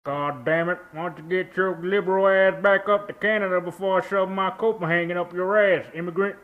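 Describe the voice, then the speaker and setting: A man's voice: sits high, steady tone, fairly quick, phone-quality sound, lightly acted. A man's synthesized voice playing a grumpy, overweight conservative firefighter who curses constantly. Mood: angry. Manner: cursing, cranky.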